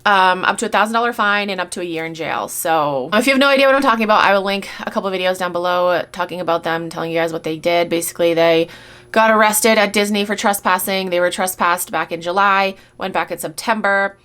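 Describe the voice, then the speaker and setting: A woman's voice: lowish voice, quick pace, fairly bright tone, clear, resonant tone. A woman vlogger who resells goods, talking casually and bluntly, swearing freely and sounding exasperated. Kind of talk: casual rant commentary.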